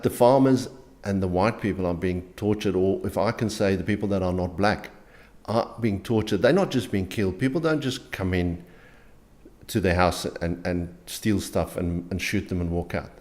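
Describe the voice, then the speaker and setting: A middle-aged man from South Africa with a South African accent, an interview guest speaking earnestly and haltingly, with frequent restarts. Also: low-pitched, a little mellow. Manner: earnest, halting, many restarts and repeated words. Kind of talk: conversational interview.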